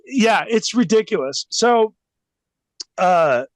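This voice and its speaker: A man's voice: high-pitched, animated, slow, no echo. A man telling stories as an interview guest, rambling, laughing often and mocking things. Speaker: guest, former pro wrestler. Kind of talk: casual interview storytelling.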